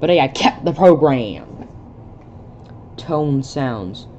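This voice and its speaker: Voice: mid-range voice, animated, slow pace, darkish tone, a little hiss or hum. A young adult casually reading a film script aloud, stumbling over words and stopping to comment in confusion. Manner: reads stage directions aloud, stumbles, breaks off to comment in bewilderment. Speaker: video creator.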